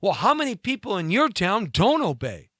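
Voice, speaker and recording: A man's voice: sits high, wildly swooping pitch, normal speed, fairly bright tone, no echo, studio quality. A man hosting a talk show, ranting in an indignant monologue full of rhetorical questions, his throat congested.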